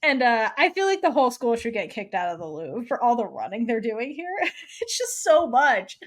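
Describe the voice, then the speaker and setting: A woman's voice: on the high side, big pitch swings, normal speed. A young adult woman co-hosting a podcast, recapping an episode in casual chat, acting out the characters' lines with swearing and laughter. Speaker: podcast co-host.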